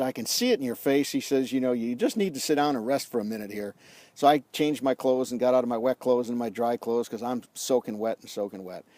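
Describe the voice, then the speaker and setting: A middle-aged man telling a lively story in a casual vlog outdoors, acting out the dialogue as a leadership coach. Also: medium pitch, no echo. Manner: animated storyteller, acts out dialogue. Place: outdoors on a golf course.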